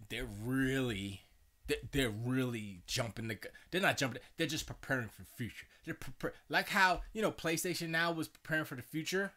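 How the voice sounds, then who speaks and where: A man's voice: medium pitch, bright, forceful tone. A man hosting a live stream, chatting casually in a rambling way with many restarts and stammers.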